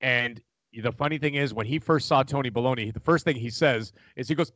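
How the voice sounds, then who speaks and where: A man, chatting casually as a podcast co-host, rambling and animated. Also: medium pitch, a little fast, no echo. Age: 40s. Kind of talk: casual chat.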